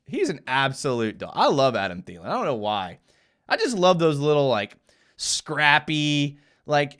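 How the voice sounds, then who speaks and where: Animated, fired-up young man hosting a fan show. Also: medium pitch. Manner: animated, fired-up ranting with many restarts. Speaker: live show host. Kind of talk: casual fan commentary over game film.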